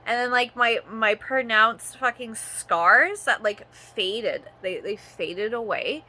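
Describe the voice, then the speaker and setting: Woman in her 30s from canada venting on her vlog, bright voice, swears a ton, rambles with lots of "like". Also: a little high, animated, slow pace. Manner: profane, rambling, frequent "like" fillers. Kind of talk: ranting vlog monologue.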